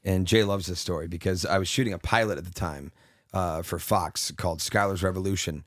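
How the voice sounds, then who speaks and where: Brief: male comic guest, low voice, dry close sound, loose rambling storyteller, slightly hoarse. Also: fairly quick, dry recording. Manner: rambling anecdotes full of fillers and restarts. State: losing his voice. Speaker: comedian guest. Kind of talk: casual storytelling interview.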